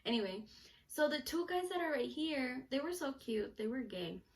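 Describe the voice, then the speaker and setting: Young female vlogger, slightly high voice, chatty and animated, casual storytelling to camera. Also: normal speed. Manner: chatty, animated, lots of filler "like".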